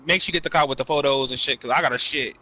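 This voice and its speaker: A young man in an improvised game skit, loud, profane and bossy. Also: medium pitch, very fast. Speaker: skit creator.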